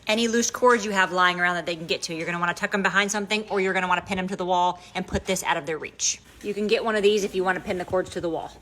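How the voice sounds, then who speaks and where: A woman's voice: fairly low pitch, steady tone, rapid-fire, hardly any pauses, a bit bright. A young adult woman, a mother, giving practical parenting tips to camera in a casual, direct way. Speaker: parenting content creator.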